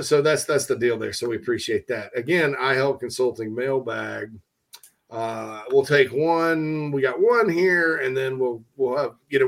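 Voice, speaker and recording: A man hosting a casual sports talk show, rambling and joking with lots of fillers and restarts. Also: mid-range voice. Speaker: sports radio host.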